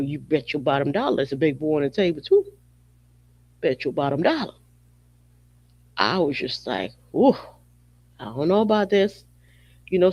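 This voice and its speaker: A man's voice: fairly high pitch, creaky, husky, no room sound, muffled recording. A man hosting a podcast, giving casual monologue commentary in a conversational way, talking straight to the person he discusses with lots of fillers. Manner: conversational, talks straight to the subject, many fillers. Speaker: podcast host.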